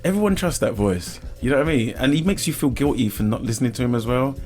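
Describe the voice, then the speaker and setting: A man's voice: medium pitch, fast, soft background music. A man co-hosting a casual comedy podcast, teasing and laughing as he talks. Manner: animated, laughing, teasing banter. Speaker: podcast co-host.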